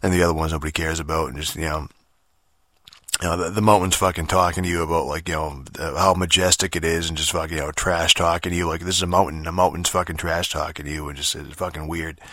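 A man rambles through a casual game review in a very low voice with a forceful edge. He swears almost every line, piles on fillers and restarts, and the sound is dry and close with no room. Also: steady tone, fast, no echo.

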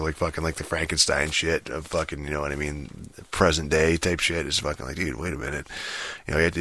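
A man's voice: rumbling low, fairly bright tone, dry recording. A man talking on his own in a rambling, profane casual rant, full of fillers and restarts. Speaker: solo commentator on movies and games.

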